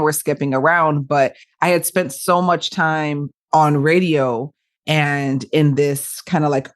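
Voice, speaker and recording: Lively, laughing woman radio broadcaster. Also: sits low. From Michigan. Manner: animated, laughs often, brisk storytelling. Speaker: podcast guest, radio broadcaster. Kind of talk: casual interview chat.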